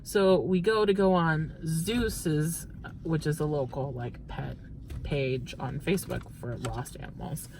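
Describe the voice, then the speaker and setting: A man's voice: a little high, slow, background noise. Rambling young man telling a story. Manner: rambling, breathless storytelling with many restarts. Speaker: vlog co-host. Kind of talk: casual chat while driving. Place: inside a parked car at night.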